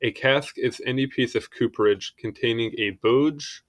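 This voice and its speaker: A man's voice: mid-range voice, normal speed. A young man casually reading an encyclopedia article aloud, stumbling over foreign words and adding apologetic asides.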